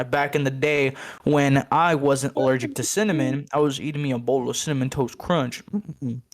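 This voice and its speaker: A young man co-hosting a casual podcast, telling an animated, jokey story full of slang. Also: mid-range voice. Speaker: podcast co-host. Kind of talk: casual chat.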